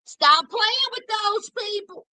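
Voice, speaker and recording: Woman commentator, sassy and animated, high bright voice. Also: takes it slowly, dry recording. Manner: sassy, animated, Southern slang. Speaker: reality TV commentator. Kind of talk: casual reaction commentary.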